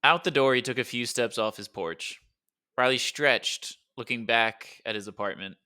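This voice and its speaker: A male audiobook narrator tells an adventure story at a steady pace. His voice is bright and forceful and sits at a middle pitch. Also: normal speed, clear, resonant tone. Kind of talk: scripted narration.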